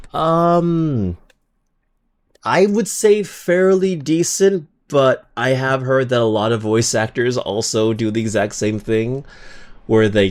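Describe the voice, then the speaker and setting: A male streamer talks casually to his viewers in a somewhat low voice. He rambles and restarts his thoughts, sliding into quiet mutters before bursting into loud, hyped shout-outs.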